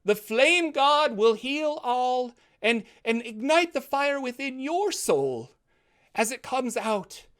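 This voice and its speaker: Woman as an old priest, higher-pitched and stately, slow blessing tone, for a tabletop game. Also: big pitch swings, a bit bright, heavily acted. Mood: ceremonial. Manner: slow, formal ceremonial speech. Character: very old male village priest, solemn and welcoming.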